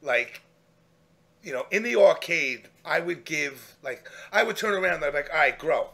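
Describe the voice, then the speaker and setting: A man telling a profane, animated story in casual chat, acting out the people he quotes. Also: on the high side, moderate pace, vocal fry.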